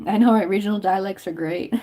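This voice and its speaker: Southern woman, young, loose rambling livestream chatter, lots of "like"s and laughs, mid-pitched. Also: steady tone, fast, mellow. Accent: Southern American. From Tennessee, US. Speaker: crochet livestream host. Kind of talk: casual livestream chat while crafting.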